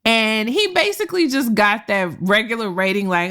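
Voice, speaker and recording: Lively, frank woman podcast host. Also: a little high, moderate pace, hardly any pauses, clean tone. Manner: animated, frank, slangy and profane, laughs often. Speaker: podcast host and career coach. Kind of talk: casual storytelling advice.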